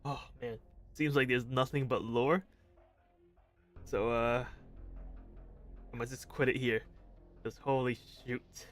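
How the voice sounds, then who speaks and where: A man's voice: mid-range voice, steady tone, slow, pauses often, faint music behind. A man streaming a video game, chatting casually and mocking himself while he stumbles through reading its dialogue aloud. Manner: casual, self-mocking, stumbles over lines. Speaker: gaming streamer.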